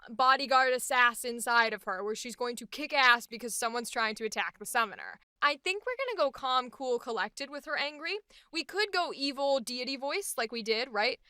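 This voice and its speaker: A woman voice actor and host chats with enthusiasm while she talks through the voices she builds. Her voice is bright and clear and sits a little high, and it is heard up close and dry. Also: expressive, moderate pace, few pauses, dry recording. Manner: chatty and enthusiastic, thinking aloud. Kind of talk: voice acting demonstration.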